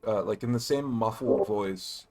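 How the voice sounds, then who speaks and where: A man's voice: lowish voice, a little slow, a little mellow. A man narrating and running a casual tabletop role-playing game as game master, laughing easily.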